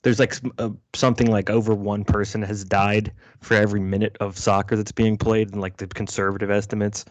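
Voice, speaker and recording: A man's voice: fairly low pitch, level tone, fairly quick, few pauses, no echo, rough recording. A man in a casual podcast chat, laid-back and wry, with some swearing. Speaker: podcast co-host.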